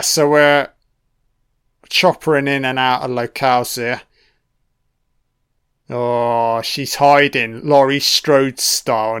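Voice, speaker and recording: A man's voice: medium pitch, a bit bright, clear, resonant tone. A man giving casual audio commentary on a film, with profane, sardonic running reactions.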